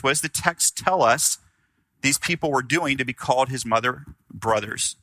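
Bright-voiced man preaching animatedly. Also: medium pitch, normal speed, no room sound, rough recording. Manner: animated, conversational preaching with acted-out quotes. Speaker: pastor. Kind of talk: sermon.

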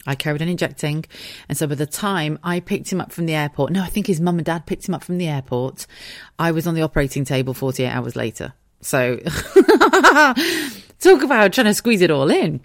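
A woman hosting her own podcast, telling a personal story at home in a frank, animated and sweary way. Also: low voice, fast, no echo, studio quality. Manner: frank, sweary and animated, acts out quoted voices. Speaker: podcast host. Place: home, dogs audible nearby.

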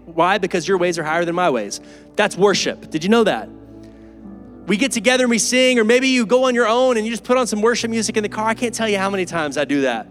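A pastor preaching an earnest, emphatic and conversational sermon in a church. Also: male voice, high voice, expressive, fast talker, soft background music. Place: church sanctuary.

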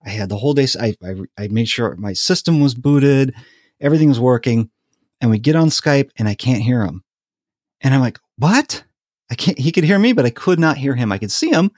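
Animated man telling podcast stories. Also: mid-range voice, brisk, dry recording, studio quality. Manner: animated storyteller, laughs often. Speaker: podcast host. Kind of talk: casual chat.

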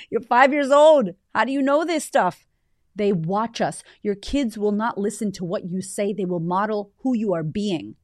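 A woman's voice: fairly high pitch, no room sound. Woman, 30s, podcast host. Blunt, emphatic, casual swearing, close dry sound. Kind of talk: casual motivational talk.

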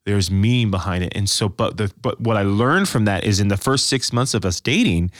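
A man's voice: on the low side, lively intonation, brisk, no room sound, studio quality. A man talking earnestly in a casual faith discussion, often restarting his sentences. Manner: earnest, self-interrupting, many restarts.

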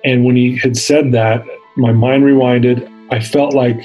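A man's voice: medium pitch, flat delivery, a little slow, warm tone, faint music behind, rough recording. A man in his fifties sharing his personal story as an interview guest, earnest and vivid, acting out the dialogue he quotes.

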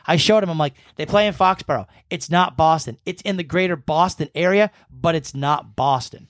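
A man's voice: fairly high pitch, normal speed, no room sound, studio quality. A man from New England hosting a podcast, telling long stories with a rambling, profane manner. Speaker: podcast host. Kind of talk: casual chat.

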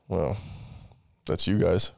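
A man's voice: low voice, fairly even intonation, slow pace, creaky. Crude, joking young man. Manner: crude, joking, swears a lot. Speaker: podcast co-host. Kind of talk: casual chat.

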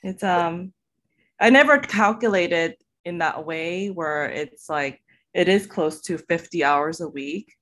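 A woman's voice: fairly low pitch, slow pace, fairly bright tone. A woman therapist as a guest in a conversation, candid and laughing at herself. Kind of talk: interview conversation.

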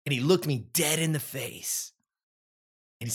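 Animated man in his forties telling a story. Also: on the high side, a little slow, slightly rough. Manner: animated, repeats words, acts out quotes. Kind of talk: casual storytelling chat.

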